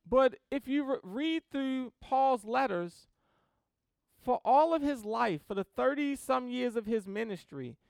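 A man preaching a sermon, reading scripture and building to slow, emphatic swells. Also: extremely high pitch, gravelly, clean tone, no echo. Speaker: pastor.

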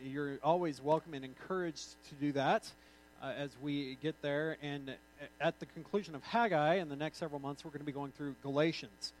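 A man's voice: on the high side, slight background noise, poor audio. A male pastor giving an informal, conversational sermon with joking asides.

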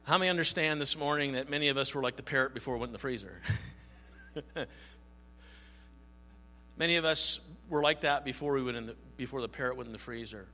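A man preaching as a pastor in a church, moving from earnest prayer to folksy storytelling with pauses and restarts. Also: medium pitch, sharp tone, in a large hall. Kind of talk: sermon with prayer and a joke.

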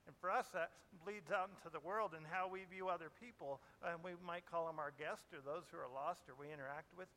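A male pastor delivers a conversational sermon with a bright, forceful voice that sits a little higher than most men's. He keeps asking his listeners questions as he talks. A faint hiss lies underneath the recording. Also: brisk, few pauses. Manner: conversational preaching with rhetorical questions.

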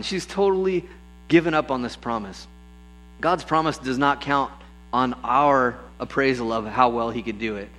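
A man preaching a sermon, telling stories with lively bursts and acting out the people in them. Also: a little high, poor audio. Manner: lively storytelling, acts out voices with bursts of excitement. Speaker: pastor.

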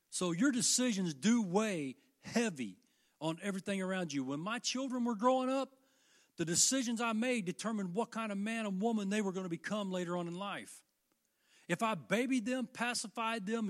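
A man preaching a sermon, swinging from loud declarations to hushed questions and reading scripture slowly with weight. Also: high-pitched. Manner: reads scripture in slow, drawn-out emphasis.

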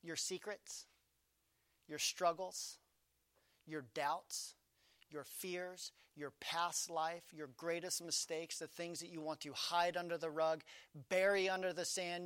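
A man preaches with a high-pitched voice, recorded close and dry with no room sound. He swings from loud, emphatic lines down to quiet, intimate ones. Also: clean tone, no echo. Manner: dynamic preaching, swinging from loud emphasis to hushed low delivery. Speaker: pastor. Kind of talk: sermon.

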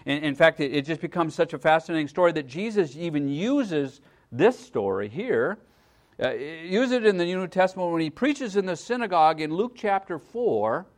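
A man's voice: fairly high pitch, lively intonation, normal speed. Man preaching in a conversational teaching tone. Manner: conversational, checks in with listeners; swings between loud emphasis and hushed asides. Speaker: pastor. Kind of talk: sermon.

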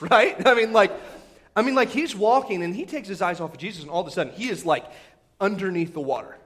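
A man preaching a sermon, retelling a story in animated fashion, full of fillers and repeats, swinging between shouts and hushed asides. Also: very high-pitched. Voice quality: filler-heavy, repetitive.

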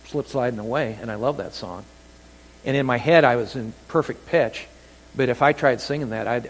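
A man preaching a sermon as pastor, telling stories with animated delivery and acting out quoted voices. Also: mid-range voice. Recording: long hall reverb.

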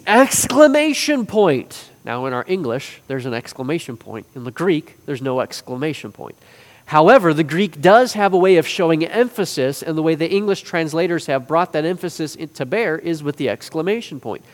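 A man teaching a discipleship class, explaining a text and stressing key phrases with slow, emphatic repetition. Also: a little high, lively intonation. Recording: reverberant hall.

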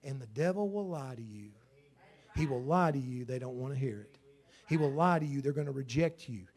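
A man preaching a fervent sermon as pastor, swinging from hushed lines to loud emphatic ones. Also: medium pitch, animated, a little fast.

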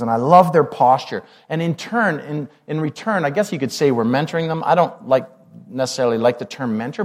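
A man's voice: medium pitch, darkish tone. A man, a pastor preaching a sermon in a conversational way, often asking the congregation questions.

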